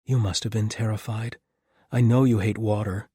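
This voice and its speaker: A man voicing an earnest, tender young nun in an audiobook, raising and softening his voice for her. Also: fairly low pitch, steady tone, normal speed, slightly rough, no echo, studio quality.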